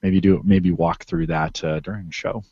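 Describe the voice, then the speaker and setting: A man's voice: deep voice, steady tone, normal speed, warm tone, no echo, muffled recording. A man co-hosting a podcast, talking casually in a rambling, emphatic way and often restarting sentences. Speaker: podcast co-host.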